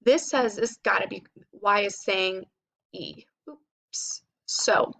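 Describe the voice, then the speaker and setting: A woman teacher giving a slow, patient phonics lesson, sounding words out for young children. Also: mid-range voice, vocal fry, pushed and bright.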